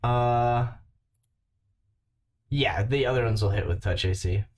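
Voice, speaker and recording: A man running a tabletop game as game master, relaxed and halting, with many fillers. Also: medium pitch.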